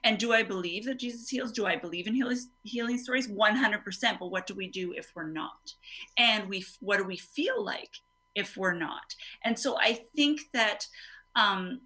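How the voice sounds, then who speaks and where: A woman's voice: medium pitch, moderate pace. A woman guest on a panel discussion over a video call, speaking earnestly and with animation. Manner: earnest, animated, faith-minded.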